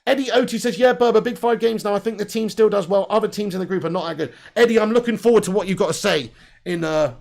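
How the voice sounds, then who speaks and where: A man's voice: high-pitched, fast, gravelly. A young man hosting a live football watch-along, reading viewer comments aloud and answering them bluntly, with plenty of swearing.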